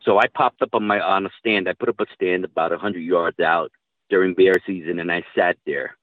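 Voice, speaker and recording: Gruff folksy hunter on a phone line. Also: male voice, low voice, steady tone, fairly quick, dry recording. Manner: rambling, swears casually, folksy. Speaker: guest hunter telling stories. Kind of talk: casual storytelling. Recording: tinny phone-line audio.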